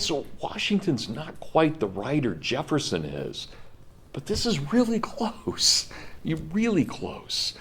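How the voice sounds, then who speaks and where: A man's voice: on the high side, huge pitch swings, slow pace, fairly bright tone, slightly rough. Impassioned lecturer man in his fifties. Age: 50s. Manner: impassioned, emphatic, addresses students directly. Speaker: college lecturer. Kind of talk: classroom history lecture. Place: classroom.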